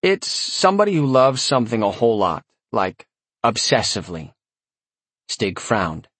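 A man narrating a first-person story in a wry, sardonic tone, with a husky voice. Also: on the low side, big pitch swings, moderate pace, a bit bright, no room sound. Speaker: audiobook narrator.

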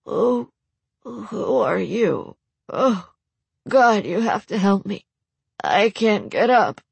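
A woman voicing a badly injured wealthy man who rasps, babbles and pleads for help. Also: mid-range voice, animated, takes it slowly, dry recording, pitched above the performer's own voice, exaggerated voice. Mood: desperate. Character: injured desperate rich man, rasping.

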